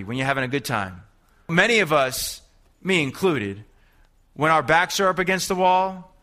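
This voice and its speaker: A man's voice: fairly high pitch, pushed and bright. A man preaching a sermon as a youth preacher, emphatic and repeating phrases, calling on the congregation to answer back. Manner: call-and-response, urging the congregation.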